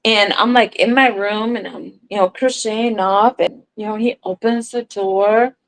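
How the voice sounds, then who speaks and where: A woman talks on a crochet livestream and tells a story in a casual, chatty way. She acts out the voices of the people in the story and swears now and then. Her voice sits at a middle pitch. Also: fairly even intonation, moderate pace, a bit bright, rough recording. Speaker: crochet content creator on a livestream.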